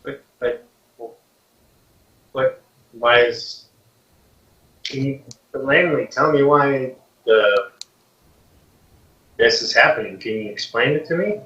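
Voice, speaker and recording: A man narrating a tabletop game as game master, casual and halting. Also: medium pitch, pushed and bright. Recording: roomy, distant, dull lo-fi mic.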